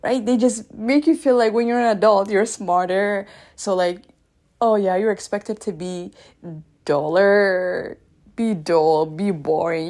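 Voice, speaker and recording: A woman in her thirties hosting a radio show, talking through a casual spiritual monologue with animated swings between loud bursts and soft asides. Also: medium pitch, slow. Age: 30s.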